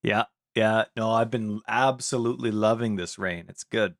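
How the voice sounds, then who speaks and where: A man's voice: fairly low pitch, normal speed, no room sound, studio quality. A man co-hosting a gaming podcast, goofy and teasing in casual chat. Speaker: podcast co-host.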